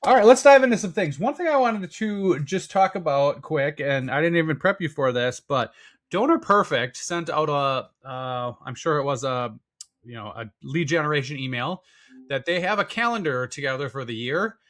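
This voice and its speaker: A man from Wisconsin co-hosting a podcast, chatting in a relaxed way with fillers. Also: a little high, moderate pace. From Wisconsin, USA. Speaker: podcast co-host. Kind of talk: casual podcast chat.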